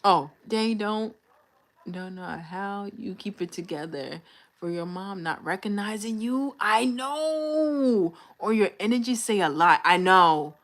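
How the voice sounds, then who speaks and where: A young woman chatting on a live stream, unhurried and drawn out in her delivery. She tells a personal story in a candid, slangy way, venting openly to her viewers. Her voice sits at an ordinary pitch for a woman. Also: lively intonation. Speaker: livestreamer.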